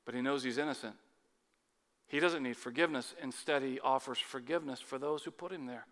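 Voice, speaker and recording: A man preaching a sermon with dramatic swings between loud urgency and hushed intensity. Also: medium pitch, fairly quick. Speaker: pastor. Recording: long hall reverb.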